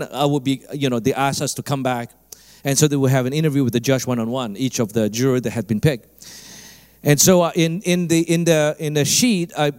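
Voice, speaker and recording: A middle-aged man preaching a sermon as a pastor, telling a story in an animated way and acting out the voices in it. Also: clean tone. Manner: animated storytelling, acts out dialogue with big pitch jumps.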